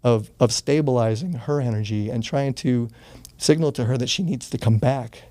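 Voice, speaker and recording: An older man in his sixties speaks as an interview guest, warm and mellow in tone. He tells his story in a casual, earnest way, with the odd curse word. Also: mid-range voice, normal speed. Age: 60s. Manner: earnest, gets choked up, swears casually.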